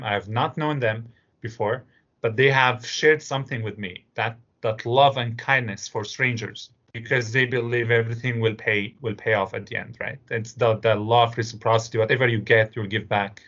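A man's voice: mid-range voice, normal speed, highs cut off. A middle-aged man from Syria with a Syrian Arabic accent, telling stories in an interview as a guest and acting out voices in his anecdotes. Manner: animated storyteller, acts out voices in anecdotes. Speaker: interview guest, immigrant business owner. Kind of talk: storytelling interview answers.

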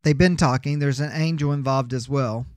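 A man's voice: mid-range voice, steady tone, moderate pace, no room sound, clean studio sound. A man teaching a biblical counseling class, reading scripture aloud and explaining it emphatically with rhetorical questions. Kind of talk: Bible teaching lecture.

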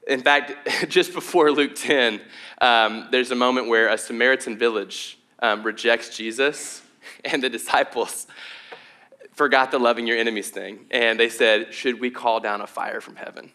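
A man's voice: medium pitch, fairly even intonation, moderate pace, pushed and bright. A young adult man preaching a sermon as pastor, in a conversational, earnest way with frequent fillers and restarts. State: out of breath.

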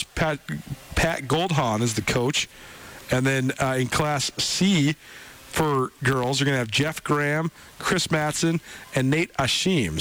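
A man's voice: medium pitch, fairly bright tone, rough recording. Male sports radio host with an average voice, loose and chatty delivery. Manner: conversational, loose, with frequent fillers and restarts.

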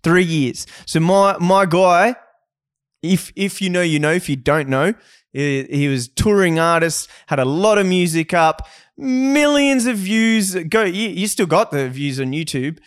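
Male podcast co-host, higher voice, dry close mic, loose swearing banter. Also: a little slow, dry recording. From Australia. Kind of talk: casual podcast chat.

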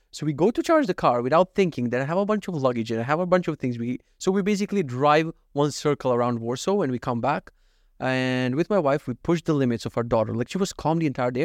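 A man's voice: mid-range voice, a little mellow, dry recording, clean studio sound. A man in his thirties telling stories in a casual chat, laughing and swearing, going off on tangents. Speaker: vlogger.

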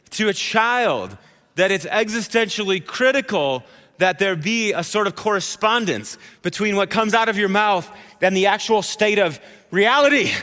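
A man in his thirties preaching a sermon to a live congregation, telling a personal story in a conversational, animated way. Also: high voice. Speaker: pastor. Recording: hall reverb.

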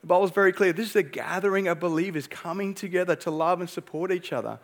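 A man's voice: high voice, fast talker. A young man preaching a sermon as pastor, earnest and emphatic, pressing his points with rhetorical questions.

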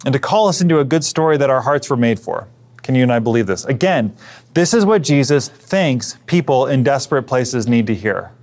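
A man's voice: medium pitch, expressive, brisk. A man preaching a sermon as pastor, in an earnest, conversational way, often restarting phrases and dropping to a near whisper at times. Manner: earnest, conversational, with frequent restarts and hushed asides.

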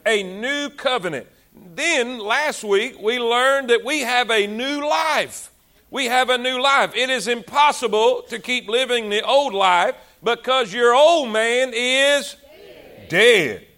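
A man preaches to his congregation, leaning on repeated phrases and calling for amens. His voice sits high and bright. He takes his time, letting each word land slowly. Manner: emphatic preaching with repeated phrases and call-and-response. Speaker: pastor. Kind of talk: sermon.

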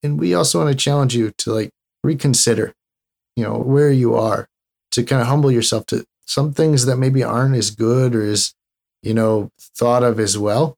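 A man's voice: medium pitch, gravelly, darkish tone. A man co-hosting a casual faith talk show, talking in an easygoing, conversational way with fillers. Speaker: co-host.

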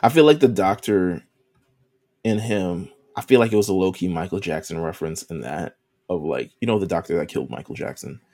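A man's voice: deep voice, fairly quick, dark tone, no room sound, clean studio sound. A man co-hosting a podcast, recapping an anime season in casual chat, rambling with lots of ums and casual swearing. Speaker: podcast co-host.

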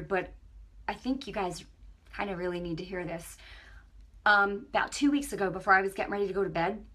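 Woman, online preacher, breathy, bright tone, animated testimony, hushed to loud. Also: medium pitch. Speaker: online ministry broadcaster. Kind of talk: impassioned testimony to viewers.

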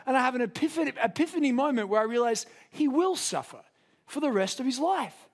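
A young man preaches a sermon in a high, animated voice. He tells personal stories with self-deprecating humor, speeding up and then slowing for emphasis. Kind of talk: sermon with storytelling.

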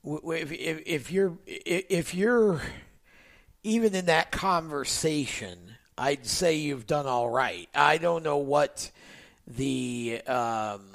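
A man's voice: a little high, slow, gravelly. A man co-hosting a casual motorsports talk show, speaking hesitantly with fillers. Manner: hesitant, lots of fillers and restarts. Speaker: podcast co-host.

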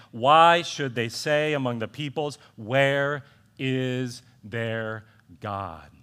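A man preaching a sermon as a pastor, animated and conversational, repeating phrases for emphasis and making asides to his congregation. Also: on the high side.

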